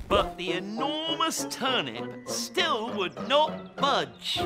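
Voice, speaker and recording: Playful storyteller man, very animated. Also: very high voice, slow pace. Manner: playful, expressive, giggly, invites children to join in. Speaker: children's storyteller. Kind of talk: animated children's story narration. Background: children's music.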